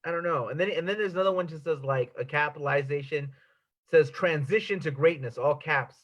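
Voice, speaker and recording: A man's voice: fairly high pitch, fairly even intonation, fairly quick, fairly bright tone, rough recording. A man in casual chat, reading text aloud with wry, puzzled asides.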